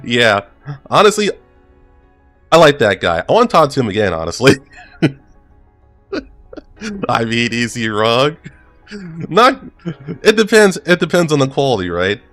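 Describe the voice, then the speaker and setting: A man's voice: medium pitch, sing-song, a little slow, long pauses, fairly bright tone, faint music behind. A gaming streamer casually telling a work anecdote, laid-back and chuckling as he goes.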